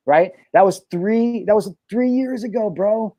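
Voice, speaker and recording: A man's voice: high voice, unhurried, dry recording, muffled recording. A man hosting a podcast, talking candidly and emphatically, swearing often and restarting his sentences. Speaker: show host.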